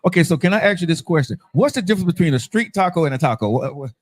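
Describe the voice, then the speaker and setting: A man's voice: a little high, lively intonation, rapid-fire. A man in his fifties hosting a livestream talk show, upbeat and motivational, ending his lines with "right?". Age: 50s. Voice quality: bald-headed. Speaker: host.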